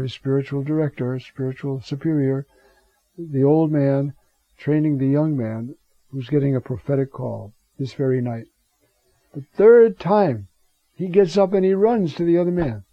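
A man's voice: medium pitch, moderate pace, dry recording. A man preaching on scripture, digressive, with rhetorical asides and Hebrew words. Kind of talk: scripture teaching sermon. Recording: dull lo-fi recording.

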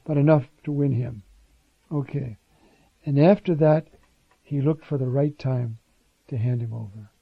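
A man's voice: medium pitch, measured pace, gravelly, long pauses, no room sound. A man teaching scripture in a conversational sermon, with informal asides and restarts, on a dull lo-fi recording.

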